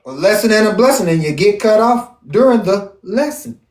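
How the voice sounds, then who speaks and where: A man, teaching the Bible in a casual, animated, joking way, drawing out words for emphasis, his voice going hoarse. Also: high voice. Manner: animated, jokey, drawn-out emphasis. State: losing his voice. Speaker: preacher. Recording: echoey room, far from mic.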